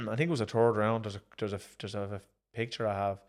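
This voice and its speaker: In a sit-down interview, a middle-aged Irish guest who used to box professionally and promote fights tells casual stories about his bouts. His fairly low voice moves at a quick pace, and he animatedly voices what people said, raising his voice to do so.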